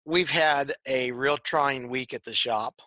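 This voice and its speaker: Male co-host, casual and rambling, crisp bright tone, dry close sound. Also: medium pitch, takes it slowly, no room sound. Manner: rambling, repeats words often. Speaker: podcast co-host. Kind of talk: casual chat. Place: tech shop.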